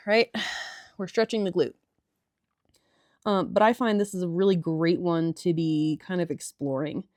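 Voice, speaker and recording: A woman's voice: on the low side, a little mellow, dry recording, clean studio sound. Chatty irreverent woman leading stretches. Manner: chatty, irreverent, joking asides. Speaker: yoga and stretching instructor. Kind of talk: casual guided stretching class.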